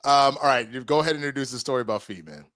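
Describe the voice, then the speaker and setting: A man's voice: medium pitch, racing, a bit bright, dry recording. Laid-back male podcast host, dry sound. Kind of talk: casual chat.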